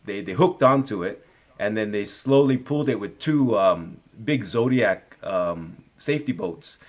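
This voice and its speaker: A man in his fifties, an actor, telling stories in a casual interview; he rambles with lots of "you know" and "like" and grows animated as he relives them. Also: lowish voice, a little slow. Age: 50s.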